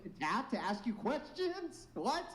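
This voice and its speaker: A man's voice: very high voice, sing-song, measured pace, over a noisy crowd. Blunt, mocking man arguing in a roomy space. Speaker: podcast guest debating by video call. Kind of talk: heated debate. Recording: roomy, faint noise.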